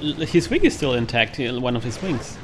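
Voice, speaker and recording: A man's voice: mid-range voice, fairly quick, noisy background. A man hosting a co-op game session in casual chat, joking and laughing often. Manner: laughs often, excitable, jokey. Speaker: gamer hosting a co-op stream.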